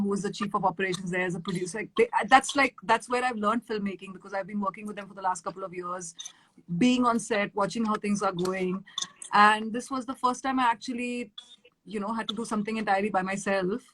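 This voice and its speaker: A woman's voice: medium pitch, steady tone, a little fast, fairly bright tone, slight background noise, low-quality recording. A woman with an Indian English accent, a musician guest in a casual live-stream chat, telling stories animatedly with lots of fillers and acted-out quotes.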